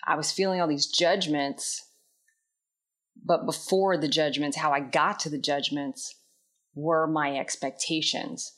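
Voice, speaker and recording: A woman telling a candid personal story in a reflective, introspective way, often trailing off into soft, quiet phrases. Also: low-pitched, steady tone, unhurried. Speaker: vlogger.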